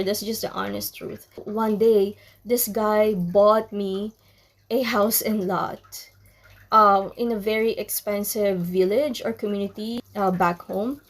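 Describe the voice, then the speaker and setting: A young woman from the Philippines telling a personal story to her viewers, candid and chatty, full of ums and likes. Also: mid-range voice. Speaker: vlogger. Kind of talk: casual storytelling to camera.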